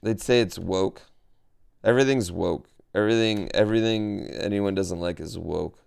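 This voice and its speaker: A man's voice: low-pitched, normal speed, creaky, a little mellow, clean tone. A man streaming live, chatting casually and animatedly to his chat, swearing and going off on tangents.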